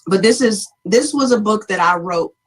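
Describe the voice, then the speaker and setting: A woman's voice: medium pitch, normal speed. A woman, an author and guest, telling stories in a chatty talk-show way and laughing often. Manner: chatty storytelling with frequent laughter. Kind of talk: casual talk-show chat.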